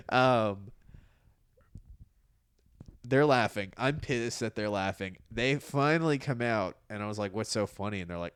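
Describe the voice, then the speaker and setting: Male comedy podcast co-host, low-pitched, dry close mic, crude rambling delivery. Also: expressive, unhurried, clear, resonant tone, dry recording. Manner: crude, rambling storyteller with many "like" fillers. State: sore from broken ribs. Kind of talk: casual comedic chat.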